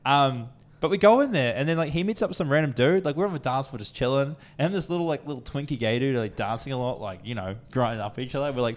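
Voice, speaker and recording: A man's voice: medium pitch, lively intonation, quick pace, few pauses. A young man, co-hosting a podcast and telling a long rambling story, full of swearing and acted-out quotes. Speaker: podcast co-host. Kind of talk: casual storytelling chat.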